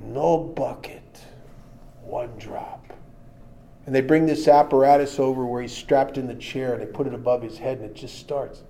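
A man shares his recovery story in a plain-spoken, humorous talk, moving between lively and quiet moments. His mid-range voice goes at a quick pace with hardly any pauses.

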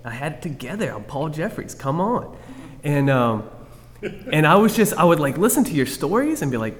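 A man's voice: a little high, very animated, moderate pace. A man sharing his recovery story candidly with a group, self-mocking and rambling, full of restarts. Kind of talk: candid personal testimony to a group. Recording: long reverb of a hall.

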